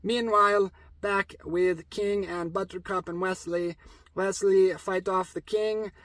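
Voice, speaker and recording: High-voiced man in broken-English comic persona. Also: steady tone, takes it slowly, fairly bright tone, no echo. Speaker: storyteller. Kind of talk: comic story retelling.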